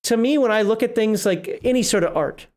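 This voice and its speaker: A man's voice: high voice, fairly quick, darkish tone. A middle-aged man hosting a casual livestream, reading rules aloud and rambling, often breaking off mid-word. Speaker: livestream host reviewing a tabletop RPG book.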